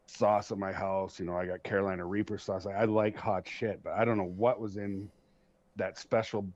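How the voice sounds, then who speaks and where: A man hosting a podcast, telling stories in a casual, profane, animated way and laughing at himself. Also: fairly low pitch, moderate pace. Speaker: podcast host. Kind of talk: casual storytelling chat. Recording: dull lo-fi sound.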